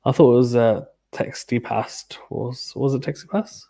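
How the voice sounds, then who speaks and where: A young man from Britain talks casually over a live tennis stream, reading out viewer comments in a chatty way. His voice sits in an ordinary middle pitch. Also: moderate pace, creaky, warm tone.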